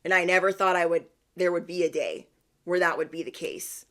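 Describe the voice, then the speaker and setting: A woman vlogger in a chatty, animated retelling of a family story, using slang as she talks to her viewers. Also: on the low side, fairly quick. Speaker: spiritual vlogger. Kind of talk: casual storytelling.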